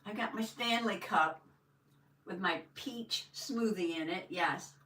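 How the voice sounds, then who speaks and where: A woman's voice: on the low side, takes it slowly, fairly bright tone. An older woman hosting a casual live journaling stream, chatting with viewers and greeting them with a folksy "howdy". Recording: echoey room, mic at a distance.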